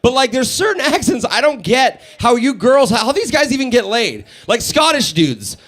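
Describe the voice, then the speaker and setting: A man doing a stand-up set in a radio station's live studio, animated and laughing at his own jokes. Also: very high-pitched, moderate pace. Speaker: stand-up comedian.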